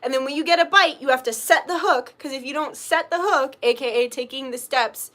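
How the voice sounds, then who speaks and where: Bright chatty woman doing a tarot livestream, rambles a lot, says like constantly. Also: sits high, brisk. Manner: chatty, lots of filler words and swearing. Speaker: tarot reader. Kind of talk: casual livestream chat.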